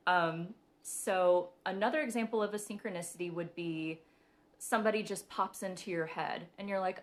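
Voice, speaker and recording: A young woman talks casually on a live stream, her voice sitting a little low. She is chatty and giggles often, with plenty of ums as she explains spiritual signs to her viewers. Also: normal speed. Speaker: spiritual reader and host.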